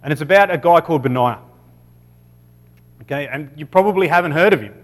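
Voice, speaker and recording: A man with an Australian accent teaching from the Bible in a loose, chatty way, stopping often to check in and correct himself. His voice sits a little high. It rings out with the long reverb of a hall. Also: a little fast. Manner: casual, many "okay"s, self-corrections. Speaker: preacher.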